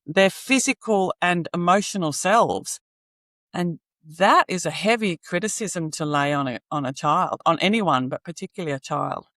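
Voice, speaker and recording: A woman, a guest on a podcast, explaining earnestly with frequent "you know" fillers and soft laughs. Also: fairly low pitch, dry recording. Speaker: singing advocate guest. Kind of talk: podcast interview.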